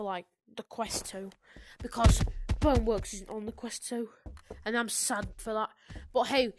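A young woman giving chatty, excitable commentary while playing a VR game, swinging from muttering to sudden shrieks. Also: fairly high pitch. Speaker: gaming video creator. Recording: noisy gameplay recording.

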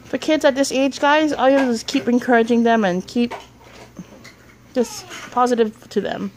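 A woman talks casually to her viewers in a home vlog, her voice sitting a little high. She chats easily into a handheld camera. A faint hiss of noise runs underneath. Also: steady tone, normal speed. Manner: chatty, talks straight to viewers. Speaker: vlogger.

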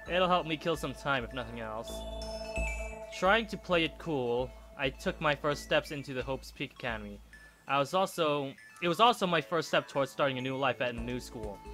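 A man's voice: medium pitch, fairly quick, natural voice. A man reading a game's dialogue aloud as a nervous teenage schoolboy, in an uneasy inner-monologue manner, over game music. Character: nervous teenage boy, new student.

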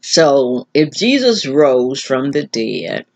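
Slow, husky older woman musing aloud. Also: rumbling low, big pitch swings, darkish tone, dull audio. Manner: slow, musing, with many restarts and filler words. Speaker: vlogger. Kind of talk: rambling casual monologue.

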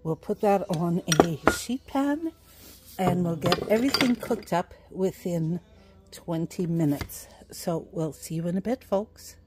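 A middle-aged woman talks viewers through a recipe in her home kitchen, chatty and unhurried, with plenty of fillers. Her voice is low-ish, dark and mellow, and she speaks slowly. Faint music plays behind her. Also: lively intonation. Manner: chatty, unhurried, with frequent fillers and little laughs. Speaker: home cooking show host. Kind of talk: casual cooking demonstration.

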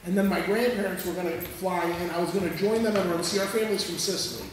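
A man preaching a sermon as a pastor, telling a story in an animated, conversational way and checking in with listeners as he goes. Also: sits high, quick pace, a little hiss or hum. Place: church sanctuary. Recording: echoey church hall from far off.

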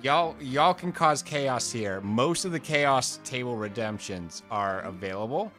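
A man running a tabletop game on a live stream, animated and quick to laugh. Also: medium pitch, faint music behind. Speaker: game master.

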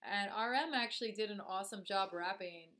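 A woman's voice: mid-range voice, a little fast, a bit bright. A woman vlogger with a cold, chatting casually and addressing her viewers directly as she reacts to a music video. Her talk is loose and conversational. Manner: chatty, talks straight to viewers as "guys". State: has a cold.

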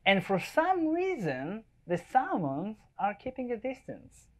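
A man's voice: sits high, wildly swooping pitch, slow, a little mellow. Male presenter, photographer at a live event, casual and jokey, keeps asking the room if they follow. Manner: chatty, jokey, checks in with the audience. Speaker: wildlife photographer giving a talk. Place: event space before a live audience.

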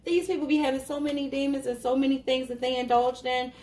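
A tarot reader talks fast in a high, slightly mellow voice with little pitch movement, keeping things casual and chatty as she reads cards for her viewers. She laughs often and addresses them directly. The room is echoey and she sounds a bit far from the microphone.

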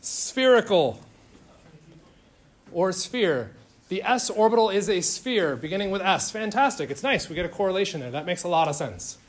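Male chemistry instructor, slightly high voice, informal and jokey, quizzes the room as he lectures. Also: animated, moderate pace. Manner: informal, joking, questions to students. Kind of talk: classroom lecture. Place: lecture classroom.

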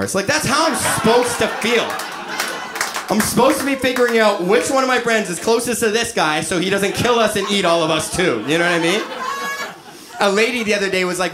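A man in his thirties doing a stand-up comedy set, animated, acting out quoted voices and laughing at his own jokes. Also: high-pitched, fast talker. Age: 30s. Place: live comedy venue with audience. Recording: live stage recording with audience noise.

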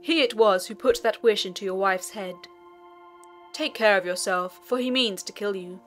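A woman voicing an outraged male genie of the lamp in a storybook reading, scolding loudly. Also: mid-range voice, normal speed, soft background music, lightly acted. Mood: furious.

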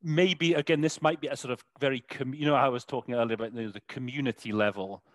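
This man, an interpreter appearing as an interview guest, talks casually at a quick pace in a steady, mid-range voice. He often pauses to hunt for words, filling the gaps with lots of fillers. There's no echo on the recording.

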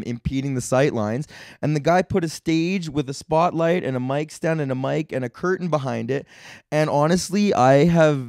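A man in his thirties, a comedian hosting his podcast, telling a profane, excitable story and laughing often. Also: medium pitch, no room sound, clean studio sound. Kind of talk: casual storytelling rant.

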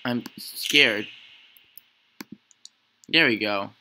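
A young man who runs a gaming channel speaks very slowly in a lowish voice as he plays a horror game. He chatters to himself, joking around and feigning fear. Heavy background noise fills the recording.

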